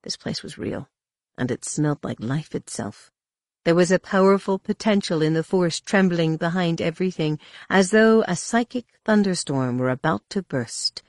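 A narrator giving a steady, even reading of an audiobook. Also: mid-range voice, normal speed, no echo, studio quality. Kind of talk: scripted narration.

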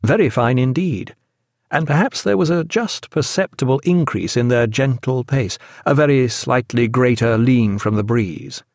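Reading a novel aloud, the male narrator keeps his storytelling measured yet expressive. The mid-range voice is captured at studio quality with no room sound.

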